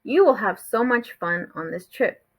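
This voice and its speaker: A woman voicing an excitable young frog in a children's storybook, stretching out her words for emphasis. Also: a little high, slight background noise. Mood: eager. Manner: slow, stretched, emphatic delivery. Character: playful excitable young frog, easily delighted.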